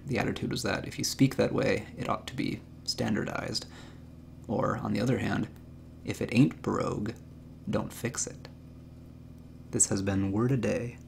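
A man's voice: on the low side, steady tone, normal speed, vocal fry, pauses often, a little hiss or hum. A man hosting a short word-of-the-day video, reading a scripted explanation in a dry, wry way. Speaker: host.

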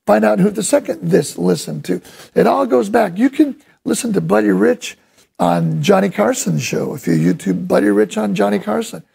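A man talks through a drum lesson in a loose, rambling way, full of enthusiasm. His fairly high voice is heavily gravelly and deeply husky, as if worn rough. He sometimes sounds out drum patterns with his mouth. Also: darkish tone. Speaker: drum instructor. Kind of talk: casual spoken drum lesson.

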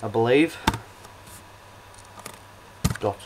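A man's voice: mid-range voice, extremely slow, a little mellow, a little hiss or hum, low-quality recording. A young man gives casual, rambling gameplay commentary as a let's play host. He talks full of ums and false starts. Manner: rambling, hesitant, many ums and restarts.

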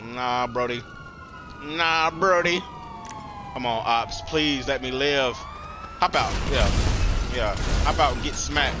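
A man's voice: medium pitch, takes it slowly, pauses often, heavy background noise. A young man giving live gameplay commentary, slangy and trash-talking other players. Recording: loud game sounds under the voice.

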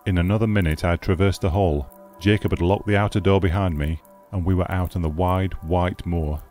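Deep-voiced man narrating a ghost story. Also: brisk, soft background music. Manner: steady, grave storytelling. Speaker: audiobook narrator. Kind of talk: scripted narration.

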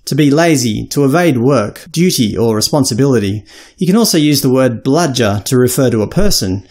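A man's voice: medium pitch, animated, fairly quick, a little mellow. An Australian man in his thirties giving a scripted explainer, wry and casual with cheeky crude asides. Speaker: vlogger explaining slang.

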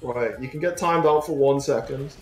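A man's voice: medium pitch, normal speed. A man teasing his friends in casual chat during a gaming stream. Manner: teasing, playful. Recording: roomy echo.

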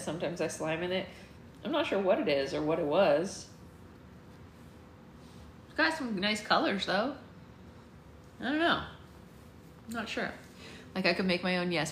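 A woman's voice: on the low side, very animated, moderate pace, pauses often, fairly bright tone. A woman hosting a book club livestream from home, chatting in a rambling way with viewers and reading aloud. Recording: roomy echo, faint noise.

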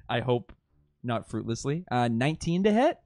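Man, tabletop game player, slow, lively pitch, chuckling, dry sound. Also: no room sound. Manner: drawn-out, animated and chuckling. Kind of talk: casual tabletop game chat.

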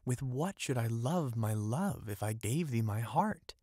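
A man's voice: mid-range voice, animated, unhurried, mellow, dry recording, clean studio sound. A man voicing an impassioned young fisherman in love, declaiming in old-fashioned speech. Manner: urgent, declaiming archaic speech.

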